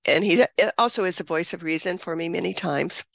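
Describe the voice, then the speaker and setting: A woman's voice: fairly low pitch, fairly quick, creaky, dry recording. A woman in her seventies, a guest on an interview show, telling a personal story with emotion and frequent laughter. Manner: animated, laughs often, acts out quoted voices.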